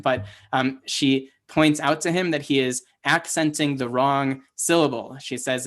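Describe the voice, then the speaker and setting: Male teacher for a livestream class, mid pitch, talks loosely with restarts and asides. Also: a bit bright. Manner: casual, halting explanation with many restarts and "right?" checks. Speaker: Hebrew teacher. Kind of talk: online class lecture.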